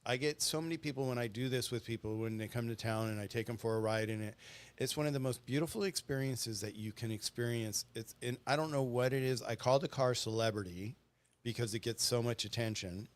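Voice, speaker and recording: In a casual storytelling chat, a middle-aged man appears as a guest and tells stories in an earnest, rambling manner. His voice is medium-pitched and brisk.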